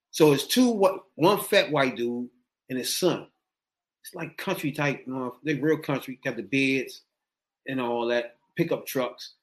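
A man telling a story in casual, profane, slangy chat and acting out what people said. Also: mid-range voice. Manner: animated, profane, slangy, acts out quotes.

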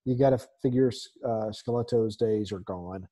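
A man's voice: lowish voice, normal speed, warm tone. A man hosting a casual soccer podcast, reading through the night's results with lots of ums and a dry, sarcastic edge. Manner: reads scores with many fillers, dry sarcasm. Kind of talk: casual sports talk.

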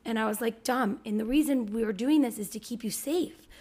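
In a slightly high, brisk voice with a darkish tone, a mother in her thirties chats on her podcast as co-host, slipping into her kids' voices to act out their lines in the tale.

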